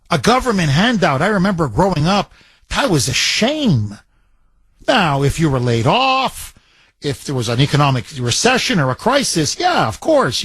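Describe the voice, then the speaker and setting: A middle-aged male radio host with a slightly husky, fairly high voice that swings widely in pitch as he presses his points. He talks straight into a studio mic, his voice close and dry. The telling is personal, emotional and emphatic. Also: a bit bright, no room sound. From Canada. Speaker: radio talk show host. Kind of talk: talk radio monologue.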